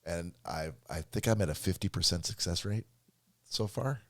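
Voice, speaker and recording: A man's voice: sits low, lively intonation, normal speed, a bit bright, dry recording. A man co-hosting a podcast, chatting casually and often amused. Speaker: podcast co-host. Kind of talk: casual chat.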